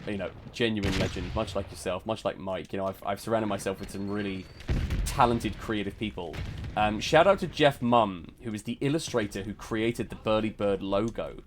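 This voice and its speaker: A British man hosting a live gaming stream, chatty and excitable, laughing often. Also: on the low side, moderate pace, noisy background. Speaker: stream host. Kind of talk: casual chat while gaming.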